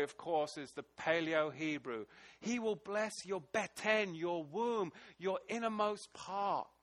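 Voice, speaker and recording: Passionate high-voiced man preaching. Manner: passionate, emphatic, swings between loud declaiming and hushed emotional asides. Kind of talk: sermon. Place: small congregation room.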